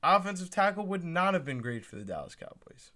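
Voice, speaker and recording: A man's voice: high-pitched, big pitch swings, a little fast, pushed and bright. A young man streaming live reactions to a sports draft, pleading and exasperated, often repeating himself. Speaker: fantasy football streamer.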